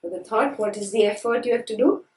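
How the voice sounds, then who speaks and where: A woman's voice: a little high, fast talker, darkish tone. A woman teaching a scripture class, asking her students questions and repeating key phrases. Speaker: spiritual teacher. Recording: echoey room from a distance.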